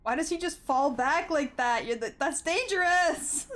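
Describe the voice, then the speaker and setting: A woman's voice: sits high, measured pace, fairly bright tone, faint music behind. A woman streaming a video game with live commentary, giggling often and swearing as she talks. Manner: giggly, swears, laughs through her words.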